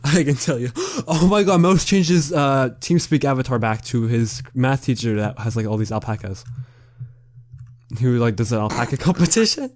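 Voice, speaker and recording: A man's voice: medium pitch, expressive, normal speed, a little mellow, no room sound, clean studio sound. A young man hosting a casual Q&A over voice chat, laughing often and rambling through his answers. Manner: giggly, rambling, self-mocking. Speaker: channel host answering questions.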